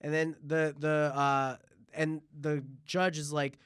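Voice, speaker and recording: High-voiced man telling a comic story. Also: slow, clear, resonant tone, dry recording, clean studio sound. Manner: animated, acts out voices in anecdotes. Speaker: podcast host. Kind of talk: comedic storytelling.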